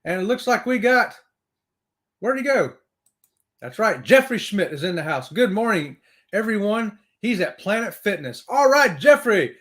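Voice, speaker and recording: Brief: upbeat male stream host reading chat aloud, high voice, whooping greetings. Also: fairly bright tone.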